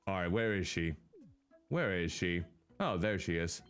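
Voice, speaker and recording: With a low, smooth voice at a measured pace, this VTuber streamer plays a life-sim game, chatting casually and animatedly addressing the on-screen characters. Game music plays faintly underneath.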